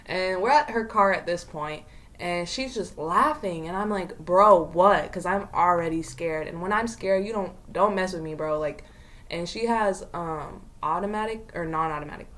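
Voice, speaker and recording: Animated, foul-mouthed young woman. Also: fairly low pitch, normal speed. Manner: animated, slangy, swears a lot. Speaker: podcast co-host. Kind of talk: casual storytelling chat.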